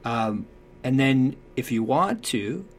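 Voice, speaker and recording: A man's voice: medium pitch, lively intonation, slow, a little hiss or hum. A man talking through parenting advice in a reflective, conversational way, often checking in with "right?".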